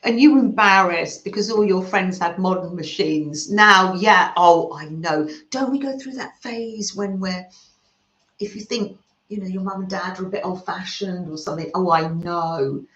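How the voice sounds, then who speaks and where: A woman gently chatting with her livestream viewers and reading their comments aloud, with soft murmurs and coos. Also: lowish voice, moderate pace. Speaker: craft livestream host. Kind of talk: casual chat reading live comments. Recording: slightly dull sound in an echoey room.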